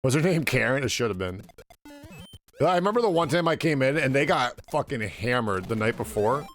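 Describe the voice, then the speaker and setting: A man's voice: medium pitch, animated, brisk. Young guy streaming, rambly and sweary, faint music behind him. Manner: rambling storytelling, swears freely, filler "like". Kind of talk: casual chat while gaming.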